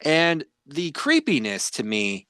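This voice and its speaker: A man's voice: on the high side, wildly swooping pitch, takes it slowly, fairly bright tone, clean tone, dry recording, studio quality. A man hosting a podcast, chatting casually and rambling with many fillers. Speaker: podcast host. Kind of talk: casual chat.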